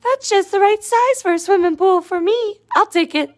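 A tiny male worm squeaks in a very high, eager voice, put on by a woman reading a storybook aloud. Each line jumps up sharply in pitch and comes out loud and bright. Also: moderate pace.

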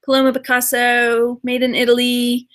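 Texan woman host, middle-aged, high bright voice, giggly casual chat. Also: completely flat delivery, moderate pace. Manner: giggly, chatty. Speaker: reseller haul video host.

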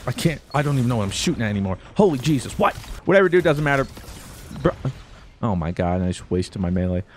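A young man giving jokey, excitable commentary over his own gameplay, breaking into sudden loud outbursts. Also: mid-range voice, quick pace, slight background noise. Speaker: gaming YouTuber.

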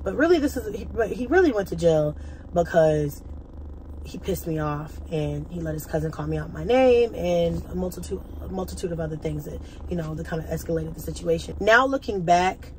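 Young woman vlogging, low-ish voice, swears a lot, rambles and restarts, faint hum behind. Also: animated, a little fast, a little mellow, low-quality recording. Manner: blunt, profane, rambling retelling with restarts. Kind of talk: casual storytime vlog.

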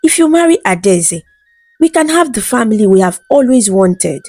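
A woman's voice: medium pitch, big pitch swings, moderate pace, mellow, no room sound, faint music behind. A woman reading the lines of a childless young wife in a folktale, pleading and earnest.

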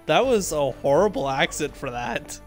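A man's voice: fairly high pitch, sing-song, moderate pace, soft background music. A young man streaming a game, chatting casually with friends and protesting when they tease him. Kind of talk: casual gaming chat.

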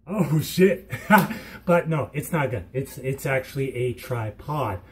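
A young man talking in a hyper, giddy vlog at home, rambling and bursting into loud silly exclamations. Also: mid-range voice, expressive, unhurried, slight background noise. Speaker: vlogger.

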